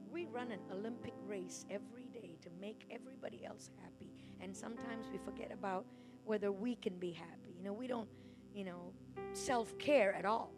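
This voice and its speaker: A woman preaching a sermon in a church hall, loud and fervent, with quick asides and restarts. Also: mid-range voice, music in the background.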